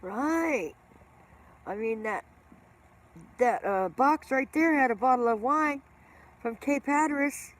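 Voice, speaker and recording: A woman's voice: high-pitched, animated, slow pace, pauses often. A middle-aged woman chatting casually with viewers on her livestream, rambling from story to story and greeting people by name. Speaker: livestream host.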